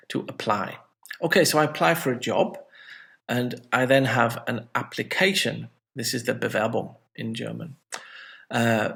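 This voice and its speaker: A man's voice: medium pitch, gravelly, fairly bright tone. A man teaching an English lesson in a chatty, friendly way, with joking asides. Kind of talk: casual video lesson.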